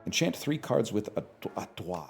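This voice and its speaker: Man, streamer, from Canada, casual profane rants, bouncy pitch, faint music behind. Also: moderate pace, vocal fry. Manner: animated, profane ranting to chat. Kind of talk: casual live-stream chat.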